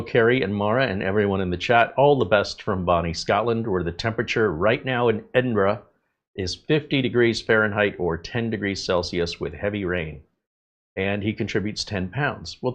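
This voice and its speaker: Deep-voiced man hosting a live tech stream. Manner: relaxed, chatty, many filler pauses. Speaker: tech channel host. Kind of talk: live stream chat, reading viewer greetings.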